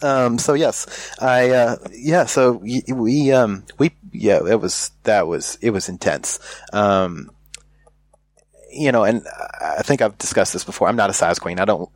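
A man's voice: on the low side, unhurried, dry recording. An American man telling a candid story in casual chat, rambling with many fillers and restarts. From United States.

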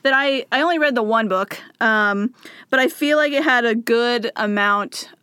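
A woman's voice: a little high, normal speed, pushed and bright, smooth, no echo, clean studio sound. A woman co-hosting a casual history podcast, bantering and laughing easily. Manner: giggly, laid-back banter. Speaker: podcast co-host. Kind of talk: casual chat.

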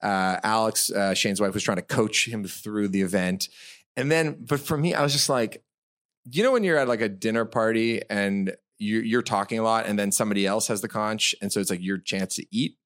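A man co-hosting a live podcast, telling a comic story in a rambling, excitable way full of fillers. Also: on the low side, brisk. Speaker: podcast co-host.

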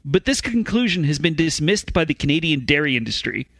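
A man's voice: on the high side, very animated, a little fast, fairly bright tone, dry recording. A man co-hosting a comedy podcast, reading news stories aloud with frequent stumbles and restarts.

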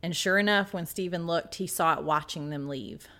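A woman's voice: on the low side, normal speed, sharp tone. A woman podcast co-host telling a story dramatically in a casual chat, acting out the quotes.

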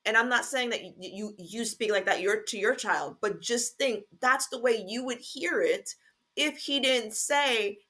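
A woman hosting a faith-based podcast, talking earnestly and deliberately to fathers, with some fillers and restarts. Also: fairly high pitch, expressive, fairly bright tone. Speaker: podcast host.

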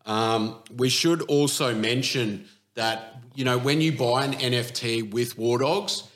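An Australian man hosting a veterans' podcast, speaking at an ordinary pitch. He is loose and unhurried, filling his gaps with um's as he closes out the show. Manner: relaxed, fillers and um's. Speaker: podcast host. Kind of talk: casual podcast wrap-up.

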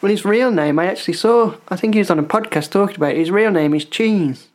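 A young podcast co-host trading puns in easygoing chat. The voice sits at a middling pitch, and they laugh often between their jokes. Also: fast. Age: young adult. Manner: playful, punning, laughs often. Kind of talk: casual chat.

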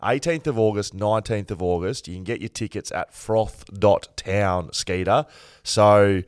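Aussie podcast host bloke, lowish voice, blunt and cheeky, swears a lot, dry sound. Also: male voice, measured pace, smooth, no echo. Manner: blunt, swears freely, teasing banter. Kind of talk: casual chat.

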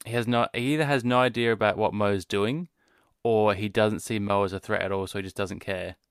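A man's voice: lowish voice, fairly even intonation, brisk, clean tone, no echo. A man co-hosting a podcast in casual chat, talking in a dry, matter-of-fact way. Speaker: podcast co-host.

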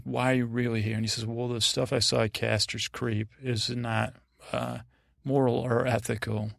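A man's voice: mid-range voice, vocal fry, a bit bright, no echo, clean studio sound. A man hosting a podcast, giving a rambling, meandering sleep-aid recap of a TV episode. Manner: meandering, digressive retelling. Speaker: podcast host.

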